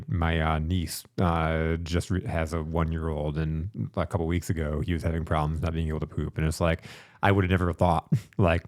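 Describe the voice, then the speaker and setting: A man's voice: a bass voice, no echo, clean studio sound. A man hosting a podcast, responding with short, agreeing remarks and sharing a story of his own in casual conversation. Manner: warmly agreeing, short affirmations. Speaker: podcast host.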